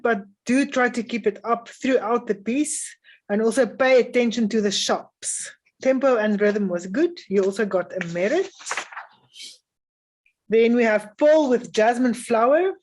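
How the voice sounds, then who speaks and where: A festival adjudicator with a fairly high-pitched voice, she speaks calmly to young string players, encouraging them. Her comments are dotted with frequent "um" pauses.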